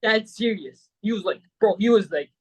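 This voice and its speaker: A man's voice: sits high, lively intonation, normal speed, background noise. A man from Saudi Arabia, a podcast guest telling a story in a casual chat, rambling with lots of fillers and tag questions. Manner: rambling, peppered with "like" and "right?".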